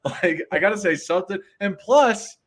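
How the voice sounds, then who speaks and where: A former college player co-hosts a casual sports podcast. He talks bluntly and swears freely, and his slightly high voice jumps around a lot in pitch. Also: moderate pace. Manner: blunt, profane, animated.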